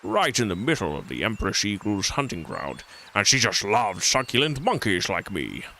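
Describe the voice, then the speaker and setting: A man's voice: fairly low pitch, very animated, pushed and bright, a little hiss or hum, exaggerated voice. A man voicing a stranded male howler monkey in a video game, whiny and sarcastic, dragging out his words dramatically. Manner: drawn-out, dramatic whining.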